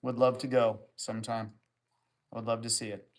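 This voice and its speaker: A man's voice: mid-range voice, little pitch movement, moderate pace. A man hosting a livestream, reading viewer comments aloud and answering them with crude, rambling jokes in easy casual chat. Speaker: livestream host.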